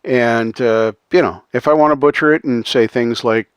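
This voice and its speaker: A man's voice: mid-range voice, normal speed, clean tone, no room sound, studio quality. A man hosting a casual livestream, talking earnestly to his chat with many ums and uhs and frequent chuckles. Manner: chuckles often, reads out chat names. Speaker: livestream host.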